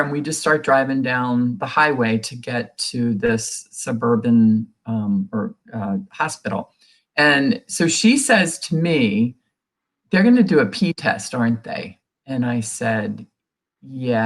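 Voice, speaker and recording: A middle-aged woman, a guest in an interview, telling a personal story in an earnest, conversational way and acting out what people said. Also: a bass voice. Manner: earnest, reenacts quoted dialogue in her telling; many fillers and restarts, conversational. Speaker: guest sharing a recovery story.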